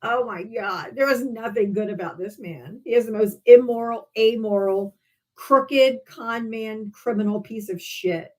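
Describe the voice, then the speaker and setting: A woman's voice: on the high side, a little slow. A woman streams live from a home setup, talking straight to her viewers. Her delivery is loose, profane and scornful. She keeps a heated, mocking edge as she vents. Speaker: live-stream political debate host. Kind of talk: casual livestream rant.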